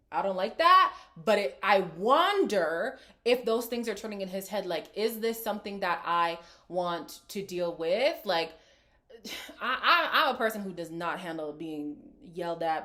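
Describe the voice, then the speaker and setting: A woman's voice: mid-range voice, sharp tone. A woman hosting a reality TV recap, talking casually and frankly and acting out what the cast said. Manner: candid, frank, acts out quoted lines. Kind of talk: casual reaction commentary.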